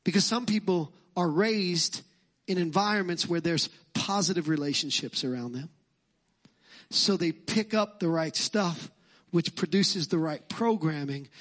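A man's voice: on the high side, fairly bright tone. A male pastor with a Brooklyn accent preaching a sermon in church, emphatic and fond of repeating phrases.

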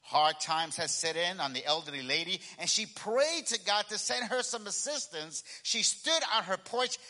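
A male pastor preaching a sermon with animated delivery and call-and-response asides. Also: sits high, normal speed, few pauses, long reverb tail.

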